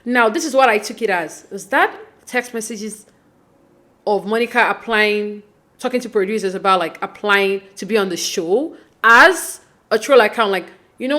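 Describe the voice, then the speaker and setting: A woman's voice: mid-range voice, sharp tone. Chatty woman recapping reality TV. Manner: chatty and opinionated, fast with many fillers and restarts; acts out quoted lines with mock voices. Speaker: podcast host recapping reality TV. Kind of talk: casual recap commentary.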